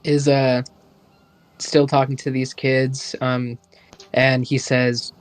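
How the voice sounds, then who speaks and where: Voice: mid-range voice, little pitch movement, slow pace. A player describing his character's actions in a tabletop game, casual and hesitant.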